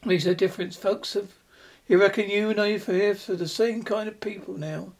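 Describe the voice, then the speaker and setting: A reader voicing a frightened old male rural postmaster who warns in folksy, hushed urgency in a storybook reading. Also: medium pitch, fairly even intonation, normal speed, lightly acted. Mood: urgent warning. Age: older. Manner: secretive rustic warning, folksy grammar.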